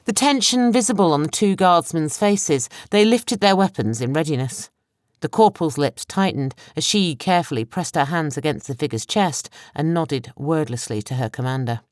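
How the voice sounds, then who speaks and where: A woman narrating a science fiction audiobook in a measured, clear storytelling manner, close to a studio microphone. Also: deep voice, lively intonation, no room sound. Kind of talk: scripted narration.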